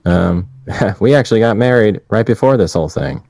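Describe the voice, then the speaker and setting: An actor playing a slow-talking, clueless newlywed man who stumbles through halting restarts. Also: fairly low pitch, creaky, darkish tone, no echo, clean studio sound. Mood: sheepish. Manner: speaks slowly with halting restarts. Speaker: guest. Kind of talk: improvised comedy.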